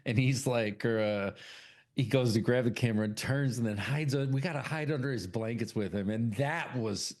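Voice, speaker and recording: Excitable man retelling a horror film. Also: mid-range voice, moderate pace. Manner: excited retelling, heavy swearing, acts out characters' lines. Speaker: podcast co-host. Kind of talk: casual chat.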